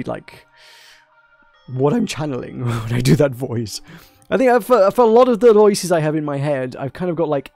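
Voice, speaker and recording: A man's voice: mid-range voice, vocal fry, a little mellow, no echo. A man hosting a let's play, chatting casually and self-deprecatingly between lines. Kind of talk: casual game commentary.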